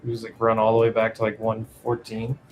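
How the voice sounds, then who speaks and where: A man's voice: lowish voice, completely flat delivery, quick pace, soft background music, poor audio. A man co-hosting a live trading stream, asking questions and reading out news headlines. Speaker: trading co-host.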